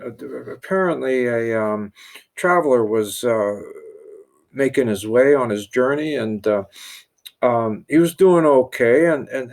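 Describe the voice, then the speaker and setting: A man's voice: mid-range voice, creaky, darkish tone. A middle-aged man, a priest, telling a parable and drawing a lesson from it, with many restarts and repeated words. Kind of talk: storytelling with a sermon-like lesson.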